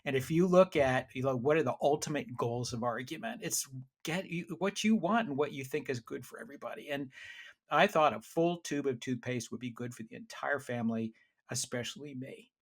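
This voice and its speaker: Middle-aged male author guest, gravelly, animated storyteller, chatty. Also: medium pitch, brisk. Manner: animated storyteller with frequent restarts. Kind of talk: conversational interview storytelling.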